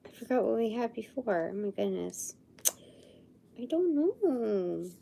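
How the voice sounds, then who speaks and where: A woman's voice: a little high, big pitch swings, a little slow, gravelly, dark tone, slight background noise. A woman hosting a live intuitive session, musing and hesitant as she thinks aloud, sometimes dropping to a murmur or whisper. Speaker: livestream host.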